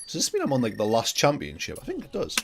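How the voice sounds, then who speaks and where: A young man streaming a racing game live, joking and talking to himself with excitable reactions. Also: medium pitch, fast talker, vocal fry, slight background noise. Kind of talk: live gaming commentary. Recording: loud game music behind voice. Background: racing game music and engine sounds.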